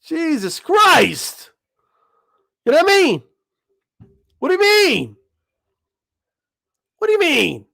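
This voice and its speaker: A man's voice: very high voice, wildly swooping pitch, slow pace, vocal fry, pauses often, pushed and bright, no echo. A man hosting a boxing livestream, rambling and swearing in a casual rant, always asking if you know what he means.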